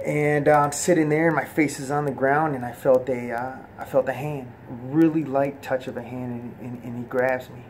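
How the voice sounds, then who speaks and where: Earnest, halting man giving a testimony. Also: medium pitch, fairly even intonation, a little hiss or hum. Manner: halting, with many fillers and restarts; earnest and soft-spoken. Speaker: person giving a religious testimony. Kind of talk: personal testimony.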